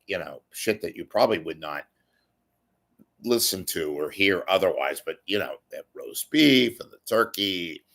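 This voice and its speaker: A man's voice: low voice, vocal fry, a bit bright. A man hosting a live stream, rambling through jokes in a casual monologue, swearing often and greeting viewers by name. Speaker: livestream host.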